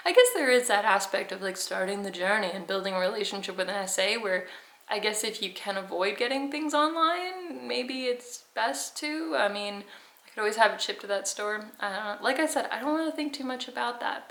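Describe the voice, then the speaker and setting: A woman's voice: mid-range voice, lively intonation, fairly quick, a bit bright. A young woman vlogger telling a story in a chatty, rambling way and laughing often. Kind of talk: casual storytelling to camera. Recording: echoey room.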